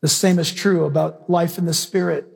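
A male preacher delivers a sermon in a high-pitched voice. His tone is husky and breathy, and he presses points home with emphasis and direct questions to the congregation. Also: normal speed. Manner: emphatic, questions the audience, animated storytelling.

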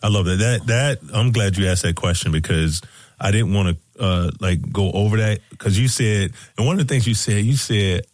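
A man hosts a podcast interview, affirming his guest with short replies and leading into a break. His voice sits fairly low for a man. The sound is dry and close. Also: normal speed, a little mellow, no echo. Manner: affirming, brief backchannels. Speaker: podcast host. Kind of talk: casual interview talk.

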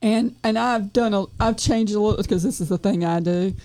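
A woman's voice: mid-range voice, moderate pace, warm tone, no room sound. A woman with a Southern US accent chatting enthusiastically on a radio show, gushing with exclamations. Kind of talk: casual radio chat.

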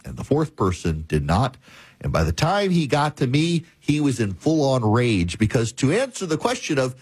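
A male talk show host telling a story and giving commentary in a measured, repetitive cadence. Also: mid-range voice, big pitch swings, a little mellow, slightly rough, no room sound.

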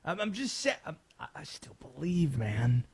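A man's voice: on the high side, sing-song, normal speed, creaky, darkish tone, slightly rough. A man hosting a sports radio show, talking in a musing, conversational way.

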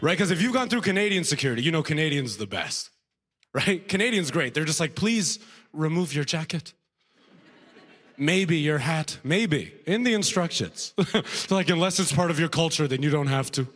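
Stand-up comic on a reverberant stage. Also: male voice, fairly high pitch, lively intonation, brisk, a bit bright. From Sudan. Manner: conversational, checks in with the crowd. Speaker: stand-up comedian. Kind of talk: stand-up set. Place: comedy club stage with audience.

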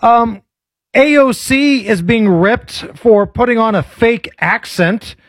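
Lively high-voiced man hosting, mocking. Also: takes it slowly, no echo. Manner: mocking, animated. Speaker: host. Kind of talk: casual commentary.

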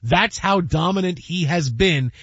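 A man co-hosting a casual sports talk show, animated and joking, jumping between tangents. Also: high-pitched, a little slow, breathy edge, dry recording, highs cut off. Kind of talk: casual sports radio chat.

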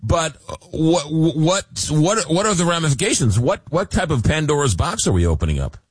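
Excitable radio talk host, dry studio sound. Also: male voice, fairly high pitch, normal speed, husky, no room sound. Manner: jokey, emphatic, repeats words when excited. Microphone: studio microphone.

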